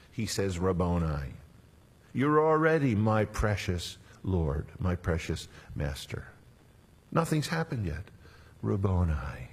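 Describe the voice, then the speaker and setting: A man preaching a sermon, retelling scripture dramatically and dropping to hushed tones for quoted words. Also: lowish voice, breathy edge. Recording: long reverb of a large hall.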